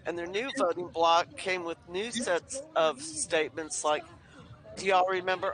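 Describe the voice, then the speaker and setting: رجل بصوت عالٍ يحكي القصص بعفوية. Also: male voice, high-pitched, animated, a little slow, a bit bright, rough recording. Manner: chatty storyteller, swears casually. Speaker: livestream co-host. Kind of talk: casual chat on a livestream.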